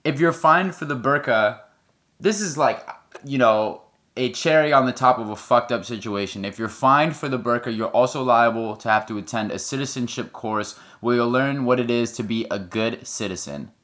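A man talks straight to his viewers in a blunt, emphatic way, swearing freely as he makes his points. His voice sits at an everyday pitch for a man. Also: moderate pace, fairly bright tone. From United States. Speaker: online commentator. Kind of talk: opinion commentary to camera.

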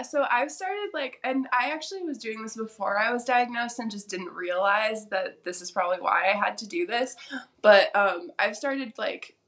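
A young adult woman co-hosts a casual podcast and rambles through her points, packing her talk with fillers. She laughs easily as she talks, and her voice sits at a medium pitch. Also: fairly bright tone. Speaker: podcast co-host. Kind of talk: casual chat.

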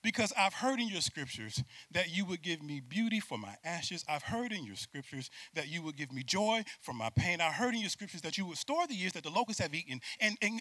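A man delivers a church sermon in a bright, ringing voice set a touch high. The sound is dry and close. He swings from hushed asides to loud, emphatic peaks and has the congregation repeat words after him. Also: very animated, brisk, few pauses, no room sound. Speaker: preacher.

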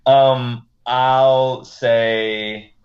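A man's voice: mid-range voice, little pitch movement, drawn-out words, lo-fi sound. A man playing along as a quiz contestant on a remote call, unsure and self-deprecating about his guesses. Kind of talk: casual quiz podcast chat.

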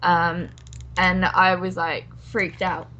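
A woman's voice: fairly low pitch, flat delivery, slow, sharp tone, highs cut off, slight background noise. A woman co-hosting a casual chat, telling stories with frequent "like" and "um". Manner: chatty storyteller, fillers like "like" and "um".

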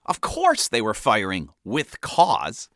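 Animated man telling a wry story. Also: fairly low pitch, slow, no room sound, clean studio sound. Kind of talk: first-person comedic storytelling.

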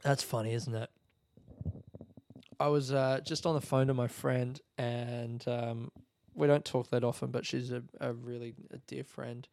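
A man's voice: mid-range voice, little pitch movement, unhurried, creaky, a little mellow, no room sound. Sleepy rambling man hosting a podcast. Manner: rambling, sleepy, profane and self-mocking. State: tired and yawning. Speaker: podcast host. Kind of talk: casual late-night monologue. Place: his room at night. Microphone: podcast microphone.

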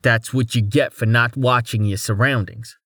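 A man's voice: mid-range voice, steady tone, moderate pace, fairly bright tone, no echo, clean studio sound, lightly acted. A man voicing a suspicious, sardonic scout who talks in a curt, matter-of-fact way. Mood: dry suspicious.

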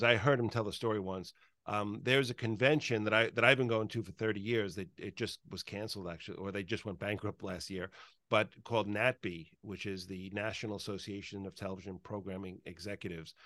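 A man's voice: lowish voice, steady tone, a little fast, fairly bright tone, dry recording, studio quality. A man hosting an interview, giving short encouraging reactions and telling his own stories with many fillers. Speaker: interview host. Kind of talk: casual interview chat.

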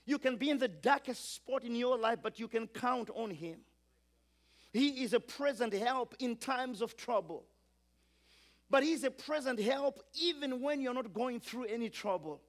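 A man's voice: extremely high pitch, a little slow. A man preaching a sermon, emphatic, building through repeated lines and calling on the congregation to repeat after him.

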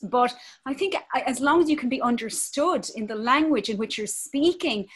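An Irish actress in her thirties speaks in a conversational interview. Her voice sits a little high, and she talks with lively, passionate energy. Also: normal speed, husky. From Ireland. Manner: animated and passionate.

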